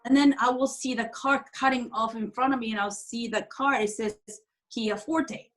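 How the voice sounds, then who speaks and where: A woman telling a personal story in a casual group chat, halting and often restarting her sentences, with non-standard grammar. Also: a little high, fairly even intonation, fairly bright tone. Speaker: group participant sharing a story.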